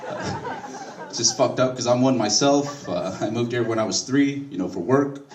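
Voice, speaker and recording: A man's voice: medium pitch, moderate pace, a little mellow. Wry man doing stand-up in an echoey room. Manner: laid-back, wry, self-deprecating. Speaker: stand-up comedian. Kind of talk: stand-up comedy. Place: comedy club stage. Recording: echoey room, distant mic, hiss.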